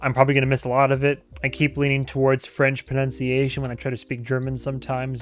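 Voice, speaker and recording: A man's voice: medium pitch, monotone, fast, hardly any pauses. A man hosting a reaction channel, talking casually to his viewers and stumbling through German phrases with a self-mocking laugh. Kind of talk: casual talk to camera.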